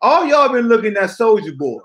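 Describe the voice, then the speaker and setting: High-voiced man ranting about sports. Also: normal speed. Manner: animated, blunt, slangy ranting. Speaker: podcast host. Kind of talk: casual sports talk rant.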